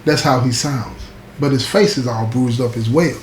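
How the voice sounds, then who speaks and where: A man's voice: mid-range voice, moderate pace, a little mellow. A man telling a true-style story in a casual, emphatic way, talking straight to the listener. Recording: echoey room with faint background noise.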